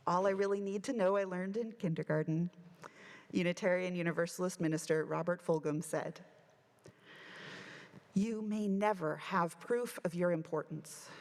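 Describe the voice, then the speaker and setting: A woman minister giving a sermon, telling a story with animated delivery and acting out the voices she quotes. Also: fairly low pitch, unhurried. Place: church sanctuary. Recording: long church reverb.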